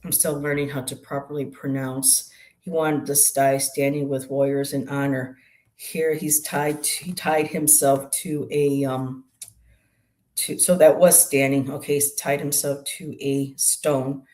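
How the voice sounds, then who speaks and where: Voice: medium pitch, little pitch movement, unhurried, darkish tone. A tarot reader on a live stream who explains each card in a musing, hesitant way, with many ums and restarts. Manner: explains card meanings aloud.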